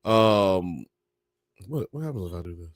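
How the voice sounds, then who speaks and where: A man's voice: sits low, lively intonation, measured pace, no room sound, clean studio sound. A young man from Alabama, hosting a casual livestream and rambling through a story with plenty of swearing and sound effects. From Alabama, US South. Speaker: livestream podcast host.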